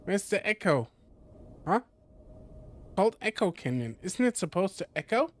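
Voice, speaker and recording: A man's voice: high voice, big pitch swings, normal speed. A man voicing an anxious young male furry character from a visual novel, with a nervous, complaining way of talking. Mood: puzzled.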